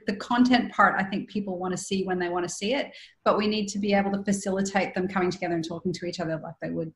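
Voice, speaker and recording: A woman's voice: medium pitch, roomy sound, low-quality recording. A woman with an Australian accent talking thoughtfully and hesitantly on an online panel. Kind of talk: casual video-call panel chat. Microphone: video call.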